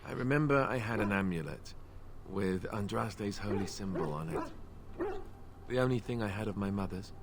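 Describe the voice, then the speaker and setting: An actor playing a rueful, stubborn young male warrior in a video game, speaking softly and wistfully. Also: lowish voice, moderate pace, background noise, close to an everyday voice.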